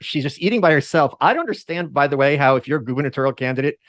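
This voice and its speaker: A man hosting a casual conversation, wry and joking, quick to mimic others. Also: a little high, animated, fairly bright tone. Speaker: host.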